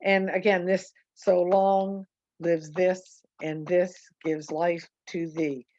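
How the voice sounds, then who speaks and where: A woman teaches a poetry lesson over a video call, wandering through her points and correcting herself as she goes. Her voice sits a little low. The call audio is dull and dry, with no room sound. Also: little pitch movement, slow pace, warm tone, no echo. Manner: rambling, self-correcting, many ums.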